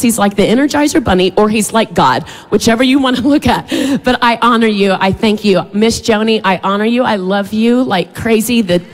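A woman speaking at a church, praying and then talking with open emotion in a sermon. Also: mid-range voice. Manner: emotional, heartfelt, slow and drawn out. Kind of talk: sermon with prayer.

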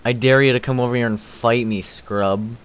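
A man's voice: mid-range voice, steady tone, moderate pace, smooth. A young man streaming a game, chatting casually, goofy and self-mocking, trash-talking, singing snatches of songs. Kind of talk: casual gaming stream commentary.

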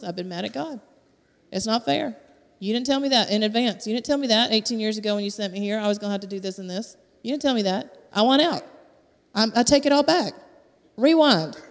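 A woman preaching, her fairly high voice carried by the long reverb of a church sanctuary. She speaks into a handheld mic, frank and chatty, and pokes fun at herself as she talks to the congregation. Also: expressive, fairly quick. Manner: candid and conversational, with self-mocking humor. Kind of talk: sermon. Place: church sanctuary at a live service. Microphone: handheld microphone.

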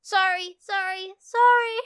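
A woman's voice: very high voice, takes it slowly, sharp tone, pitched above the performer's own voice, heavily acted. A woman voicing a timid, grieving little boy in a fan fiction reading, with a shaky, apologetic manner.

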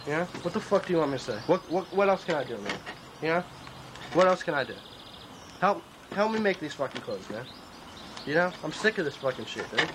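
A man's voice: on the high side, sing-song, brisk. A clothing designer in a comic mock-documentary, delivering a rambling, profane rant outdoors by his tent, calling everyone "man" and "bro". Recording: noisy outdoor recording.

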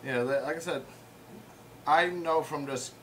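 A man's voice: a little high, a little slow, a little hiss or hum. An American man hosting a casual chat, rambling through anecdotes with plenty of fillers. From United States. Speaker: host. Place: home room with pets.

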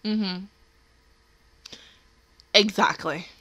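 A woman hosts an anime reaction video as live commentary, gushing and squealing over her favorite character, tearful and emotional as she talks. Her mid-range voice is husky, pushed and bright, and she speaks very slowly.

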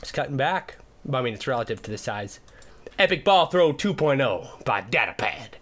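Goofy animated man playing a game. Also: mid-range voice, normal speed. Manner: goofy, jumps between silly character voices and yelps; mutters and whispers under his breath while playing. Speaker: gameplay commentator. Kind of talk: comedic let's-play commentary.

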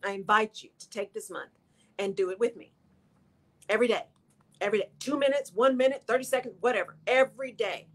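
A woman's voice: a little high, a little fast. A middle-aged woman hosts a radio show, giving an earnest, encouraging motivational talk straight to her listeners.

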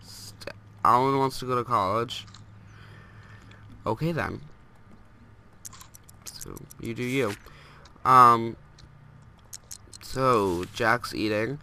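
A bright, sharp-toned young man with a stuffed-up, sniffly nose, chatting through a game in a loose, rambling way. He keeps scolding the characters on screen. A faint hiss of noise sits under his voice. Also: medium pitch, very slow, creaky, pauses often. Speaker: gameplay commentator. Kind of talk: casual let's play commentary.

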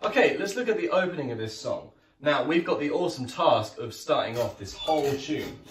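In an echoey room with music playing and a distant mic, a drum teacher gives a friendly lesson, counting aloud and singing the beats with his mouth. His voice is a little high, expressive and fairly quick, with slight background noise.

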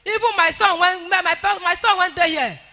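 A Nigerian woman giving an emotional church testimony, rising to shouts of praise. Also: extremely high pitch, moderate pace, big-room sound.

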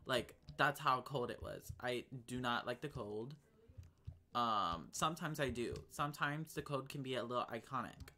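Young gaming streamer with a bright, edgy voice, slangy and theatrical. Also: medium pitch, moderate pace. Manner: dramatic, slangy, gasping exclamations. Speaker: gaming vlogger. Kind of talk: casual gaming commentary and chat.

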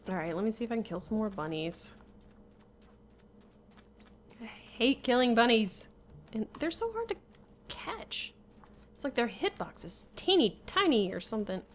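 A woman's voice: mid-range voice, sing-song, fairly quick, a little hiss or hum. A young woman talking to herself while playing a survival game, often laughing and grumbling in exasperation. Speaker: gamer. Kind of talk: Minecraft gameplay commentary.

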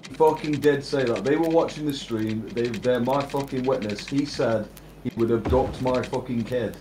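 A man's voice: mid-range voice, normal speed. Man, furious ranting chat, roomy echo, audible noise behind. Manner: angry, swearing, emphatic. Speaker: streamer and father. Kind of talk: heated casual chat. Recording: roomy with clear background noise.

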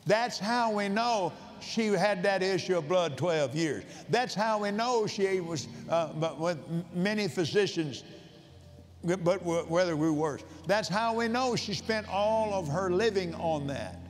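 Before a convention crowd in a large hall, a man preaches a sermon, telling a heartfelt personal story and often repeating words as he searches for them. His voice is high-pitched and a little slow, with long hall reverb and faint music in the recording.

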